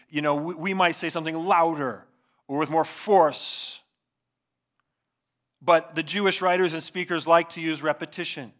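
Male pastor with a somewhat high voice, delivers an earnest, emphatic sermon and poses rhetorical questions. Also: a bit bright.

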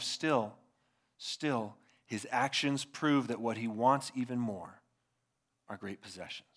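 A man's voice: mid-range voice, a bit bright. A man preaching a sermon to a congregation, earnest and emphatic, stressing his points and asking the listeners rhetorical questions. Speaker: pastor.

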